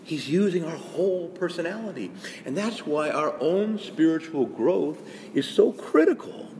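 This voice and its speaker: A priest addressing his brother clergy with earnest emphasis, his pitch rising and falling in lively swings. The talk rings out in a hall with a long echo. Faint ambient hum stays in the background. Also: unhurried. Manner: earnest, emphatic, conversational with asides. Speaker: priest giving a conference to priests. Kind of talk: spoken retreat talk.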